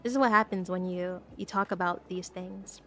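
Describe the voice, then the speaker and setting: A woman's voice: lowish voice, steady tone, normal speed, fairly bright tone, slight background noise. A young woman chatting casually on a live stream, giggling often and tripping over her words as she rambles to her viewers. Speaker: VTuber streamer.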